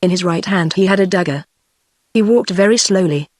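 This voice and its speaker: A text-to-speech voice of a woman with a British accent, narrating an audiobook in an even, measured way. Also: fairly low pitch, no echo, clean studio sound. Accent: British English. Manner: even, measured synthetic delivery.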